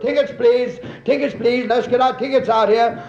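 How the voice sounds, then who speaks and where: A man's voice: very high-pitched, steady tone, normal speed, creaky, darkish tone, echoey room, dull audio, pitched above the performer's own voice. A man doing a chanting train conductor. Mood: sing-song. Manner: rhythmic chanting of nonsense station names and train sounds. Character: sing-song male train conductor calling stops.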